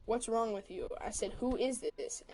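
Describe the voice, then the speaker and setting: A woman on a livestream telling a story in a casual way, quickly quoting both sides of a text argument. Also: a little high, steady tone, warm tone, a little hiss or hum, low-quality recording. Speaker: livestream host.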